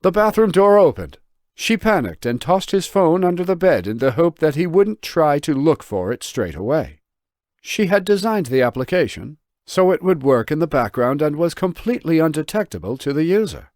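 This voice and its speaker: A man narrating an audiobook in a lively, expressive reading. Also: fairly high pitch, moderate pace, dry recording, clean studio sound.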